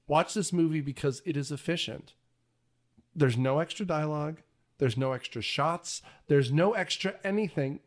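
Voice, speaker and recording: Enthusiastic man hosting a movie podcast. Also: on the high side. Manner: enthusiastic, rambling with fillers. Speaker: podcast host. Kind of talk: casual movie podcast chat.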